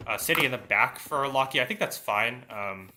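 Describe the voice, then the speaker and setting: A man's voice: medium pitch, animated, moderate pace, noisy background. A man commentating a strategy game match, thinking aloud with many fillers and restarts. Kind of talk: esports commentary.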